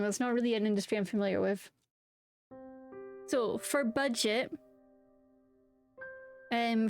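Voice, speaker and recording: A woman's voice: on the high side, a little mellow. A young woman chatting casually with her viewers, bubbly and giggly. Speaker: streamer. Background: background music.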